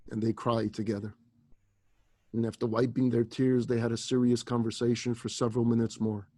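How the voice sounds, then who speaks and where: Rabbi telling a story in a sermon, dramatic, goes quiet then loud, dry close sound. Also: male voice, medium pitch, dry recording. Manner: dramatic storyteller, shifting between hushed and loud.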